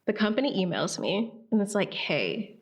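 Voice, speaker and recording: Animated woman telling her story. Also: medium pitch, unhurried, muffled recording. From Atlanta, US. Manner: animated, acts out quoted voices. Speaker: podcast guest. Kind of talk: storytelling interview.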